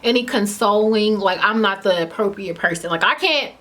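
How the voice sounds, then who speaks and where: Young woman in her 20s, casual vlog storyteller, talky and animated, medium pitch. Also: moderate pace. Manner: chatty, animated, heavy use of "like" and "you know what I'm saying"; eats while talking at times. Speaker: vlogger telling a story.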